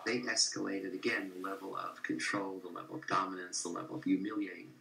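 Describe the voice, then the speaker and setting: A man's voice: low-pitched, level tone, fast, vocal fry, pushed and bright, slight background noise. An older man in a documentary interview, recalling a research experiment in a reflective, intense way. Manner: reflective, intense storytelling with lists. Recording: roomy echo.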